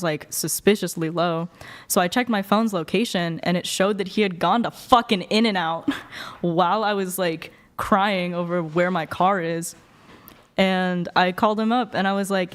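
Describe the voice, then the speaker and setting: A woman's voice: on the low side, fairly even intonation, a little fast, smooth. A young woman guest on a dating talk panel, telling a long personal story in a rambling, casual way with lots of fillers and swearing.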